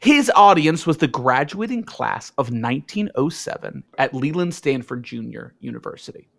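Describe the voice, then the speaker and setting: A man's voice: medium pitch, lively intonation, normal speed, gravelly, fairly bright tone. A man co-hosting a podcast, chatting casually and narrating with sarcastic jokes. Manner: joking, sarcastic. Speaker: podcast co-host.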